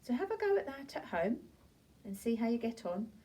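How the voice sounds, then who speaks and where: A woman teacher, gently retelling a story to young children in a drawn-out, sing-song way. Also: on the high side, big pitch swings. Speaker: primary school teacher. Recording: voice from a distance off the mic.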